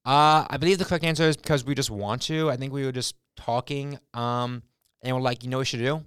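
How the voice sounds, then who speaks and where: A young man co-hosting a podcast in casual chat, joking in a deadpan, mock-serious way. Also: medium pitch, quick pace, clean tone, no echo, clean studio sound. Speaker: podcast co-host.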